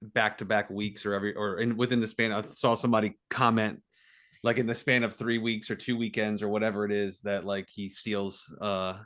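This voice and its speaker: A man's voice: lowish voice, level tone, fairly quick, fairly bright tone. A man on a movie review podcast, answering in meandering, hedging casual talk with many fillers. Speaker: podcast panelist.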